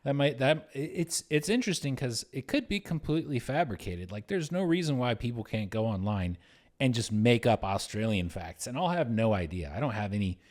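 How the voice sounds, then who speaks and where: A man's voice: mid-range voice, expressive, brisk, a little mellow. A man from California co-hosting a podcast in casual chat, hesitant and thoughtful, often restarting his sentences. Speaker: podcast co-host.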